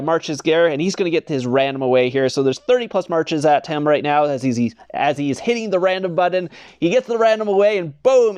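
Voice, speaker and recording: A young man with a fairly high pitch and a smooth, darkish tone hosts a gaming channel, chatting casually over gameplay footage. He rambles, uses lots of fillers, and chuckles often. The sound is studio quality with no room sound.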